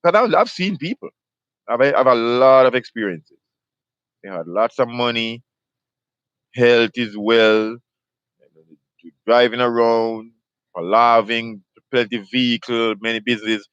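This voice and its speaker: A man's voice: medium pitch, measured pace, long pauses, fairly bright tone, clean tone, no room sound, lo-fi sound. A man, preaching on a live video and firing off repetitive rhetorical questions. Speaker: host of a live video ministry. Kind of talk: preaching monologue.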